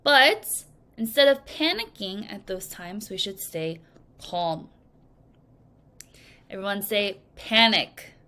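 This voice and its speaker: A woman teaching English vocabulary to children in a recorded lesson, speaking slowly and clearly and acting out example sentences. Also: mid-range voice, very animated, pushed and bright. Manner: slow, clear teacherly delivery with acted examples.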